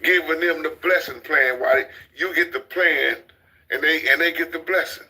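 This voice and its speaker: A man's voice: a little high, normal speed, noisy background. A man, talking bluntly in a casual commentary chat, preaching and repeating his points as the host.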